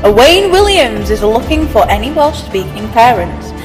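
A woman's voice: on the high side, big pitch swings, normal speed, big-room sound, over music, poor audio. A woman, co-hosting a local podcast and reading mock news in a dry, matter-of-fact way. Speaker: podcast co-host.

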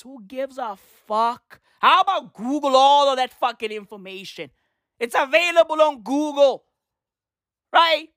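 A woman delivering a profane comic rant, provocative, jumping between loud outbursts and muttered asides. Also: fairly high pitch, unhurried, no room sound, studio quality.

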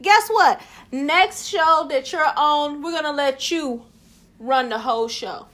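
Woman, podcast host, casual chat, teasing, slow, high pitch. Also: a bit bright. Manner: laughing, teasing.

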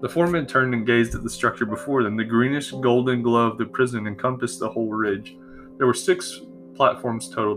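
A man reading a fantasy story aloud in a slow, measured storybook narration. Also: mid-range voice. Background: soft guitar music.

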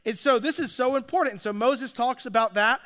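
Pastor guy, smooth clear voice, loose chatty sermon with lots of restarts. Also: very high-pitched, fairly quick, a bit bright. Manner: conversational preaching with asides and restarts.

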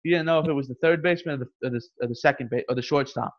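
A man who coaches baseball, telling stories in casual chat, excitable and acting out what people said. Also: medium pitch, very fast, lo-fi sound. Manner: excitable, acts out quotes in a raised voice.

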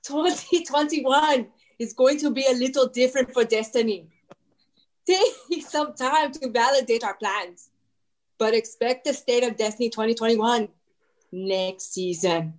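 A woman's voice: high-pitched, rough recording. A woman voicing a studio head giving a mock-solemn pep talk in an improvised foreign accent.

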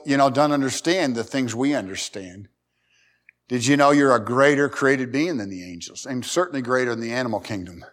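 A middle-aged man preaching a sermon, folksy and emphatic, climbing to loud high peaks and repeating words. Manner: emphatic, rising loud at key points. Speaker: pastor.

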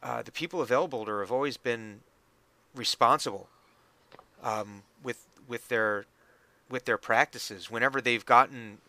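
A man voicing a male elf elder who speaks slowly and formally, with halting pauses. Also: medium pitch, bright, forceful tone, pitched below the performer's own voice. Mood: earnest. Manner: slow, halting, formal speech.

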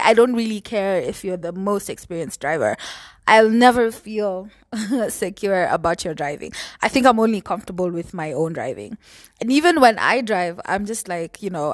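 A woman telling a story to her viewers in a casual, animated and profane way. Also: medium pitch, dry recording. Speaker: vlogger. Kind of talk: storytime monologue.

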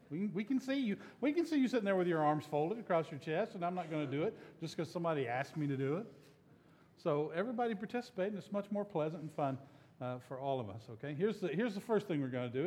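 A man's voice: fairly high pitch, darkish tone, in a large hall. A male pastor giving a conversational, joking sermon that coaxes his congregation to join in. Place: church sanctuary.

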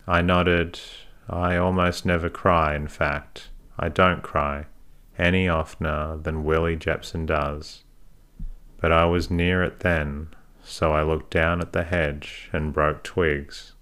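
A man narrating a first-person story as an audiobook, in a measured, unhurried way. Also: rumbling low, little pitch movement, a bit bright.

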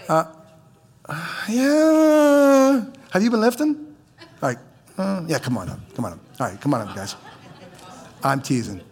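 Gravelly pastor preaching with teasing humor. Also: male voice, a little high. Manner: conversational, stammering restarts, teasing humor. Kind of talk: sermon. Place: church.

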